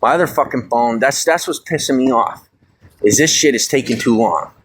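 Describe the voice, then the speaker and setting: A stressed, fired-up man venting on a livestream, swearing often and swinging from loud outbursts to low mutters. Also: normal speed, husky. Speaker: livestream host. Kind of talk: angry livestream rant. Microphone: phone.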